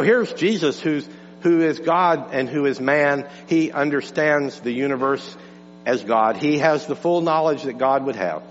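A male pastor delivering an impassioned sermon, swinging between raised and hushed delivery. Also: on the high side. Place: church sanctuary. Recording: dull church recording with long reverb and mains hum.

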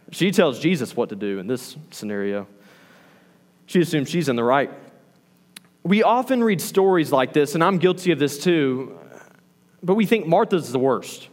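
A man preaching a sermon as a pastor, animated, acting out the lines he quotes. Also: fairly high pitch, normal speed, in a large hall.

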